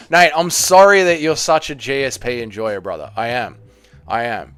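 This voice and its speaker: A man's voice: medium pitch, moderate pace, a bit bright, smooth, faint music behind. A young man hosting a live stream watch party, ranting heatedly and swearing while reading and answering chat. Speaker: streamer host.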